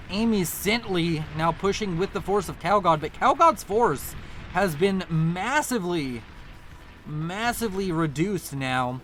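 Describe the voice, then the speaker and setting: High-voiced man casting a strategy game. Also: animated, unhurried, fairly bright tone, slight background noise. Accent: non-local accent, unnamed. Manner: chatty, self-correcting, apologetic about slips. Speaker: game caster. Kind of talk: real-time strategy match commentary.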